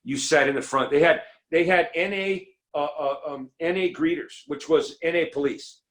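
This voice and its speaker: Middle-aged male speaker, comic recovery talk, animated delivery that acts out quotes. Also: a little high, moderate pace.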